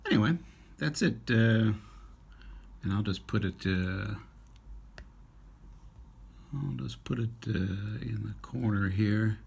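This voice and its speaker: A man's voice: on the low side, slow pace, gravelly, long pauses, a little mellow, husky. A man drawing on camera, talking to himself in mumbled, half-whispered asides. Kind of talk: casual drawing commentary.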